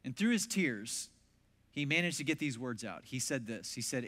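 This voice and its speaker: A man preaching a sermon as pastor, telling a story with lively quoted voices. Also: mid-range voice, normal speed. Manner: animated, acts out quoted voices. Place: large church hall. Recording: long hall reverb.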